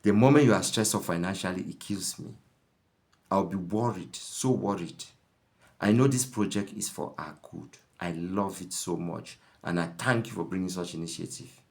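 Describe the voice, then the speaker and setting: A man voicing a calm, gentle wife who speaks softly and quietly. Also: deep voice, normal speed. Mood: soothing. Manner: soft, quiet, pleading.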